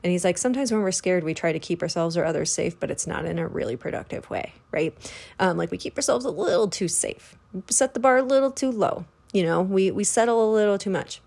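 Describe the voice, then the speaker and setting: Chatty woman with a lowish voice. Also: animated, brisk, gravelly, a little mellow. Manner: relays a spirit guide's words in a chatty, earnest tone with casual swearing. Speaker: spiritual podcast host. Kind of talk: casual spoken monologue.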